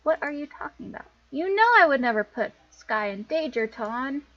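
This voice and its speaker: A woman's voice: sits high, expressive, normal speed, dry recording, pitched above the performer's own voice. A woman voicing a defensive young adventurer with a hidden past, insistent in tone. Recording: dull lo-fi recording.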